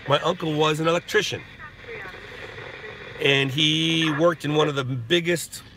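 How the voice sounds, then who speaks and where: A man's voice: fairly high pitch, fairly even intonation, a little slow, vocal fry, background noise. A middle-aged man from Southern California hosting a casual live stream, chatting and laughing as he answers viewers. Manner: rambling, chatty, laughs often. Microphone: phone.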